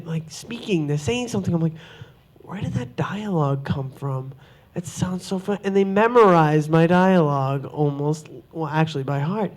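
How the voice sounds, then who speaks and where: Man, high-pitched, lively storyteller, convention panelist, acts out quotes. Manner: lively, jumps into quoted voices. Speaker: cosplayer panelist. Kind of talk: animated storytelling to a panel audience.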